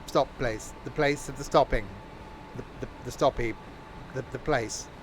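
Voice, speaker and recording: A man's voice: mid-range voice, normal speed, slight background noise. A man streaming a train simulator, chatting casually and jokily while doing silly mock passenger announcements. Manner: chatty, silly, jokey asides.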